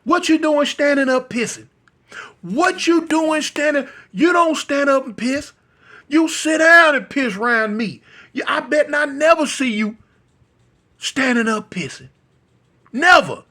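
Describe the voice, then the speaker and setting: A man's voice: extremely high pitch, lively intonation, slow, voice pushed up, heavily acted. A man voicing a hot-tempered male prison inmate, barking orders and insults in a raised voice. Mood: angry.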